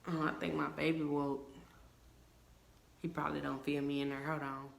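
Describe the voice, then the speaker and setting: A young woman with a fairly low voice tells a story to her camera in a casual, chatty way. She is animated and acts out her friends' lines as she goes. The room around her is bare and echoey. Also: creaky. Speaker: vlogger. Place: at home in a room, taking her hair down on camera.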